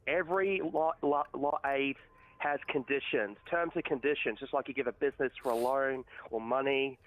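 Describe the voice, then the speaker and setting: A man's voice: mid-range voice, steady tone, normal speed. A man with an Australian accent calling in, chatting cheerfully and a bit ramblingly. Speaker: caller. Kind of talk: call-in chat. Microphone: phone call. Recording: dull lo-fi phone call.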